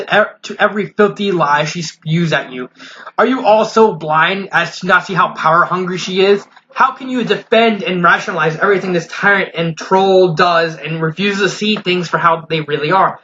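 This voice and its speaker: Bitter young pony mare impostor, ranting and accusing, read by a man, high voice, a little muffled. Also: moderate pace, sharp tone, a little hiss or hum.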